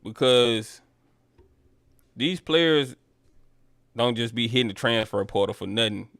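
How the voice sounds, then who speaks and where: Man, casual sports talk host, gravel in the voice, clean dry recording. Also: mid-range voice, takes it slowly, fairly bright tone, dry recording. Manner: loose, conversational, addresses viewers as y'all. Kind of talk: casual chat reading viewer comments.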